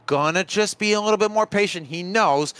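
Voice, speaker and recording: A man giving live commentary on a sim race, chatty and getting excited in close battles. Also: sits high, fairly quick, clean tone, no echo. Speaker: lead commentator.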